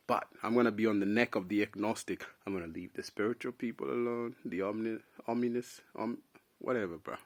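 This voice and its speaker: A young man from South Sudan talks off the cuff in a loose, rambling monologue, peppered with "bro" and restarts. His voice sits on the lower side. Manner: casual, rambling, says "bro" a lot. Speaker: vlogger. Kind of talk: unscripted opinion monologue.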